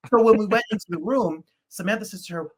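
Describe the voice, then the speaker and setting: A man guesting on a podcast over a video call, telling anecdotes in a dramatic, excitable way. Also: sits high, quick pace.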